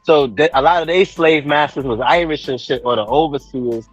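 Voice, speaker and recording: A man's voice: fairly high pitch, no room sound, highs cut off, soft background music. New York man rambling with restarts. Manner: talks in rapid restarts, repeating himself. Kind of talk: casual group chat.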